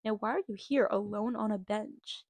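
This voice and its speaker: A woman voicing a kindly old male Santa in a storybook, calm and gently reassuring. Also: medium pitch, moderate pace, gravelly, dry recording. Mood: gentle.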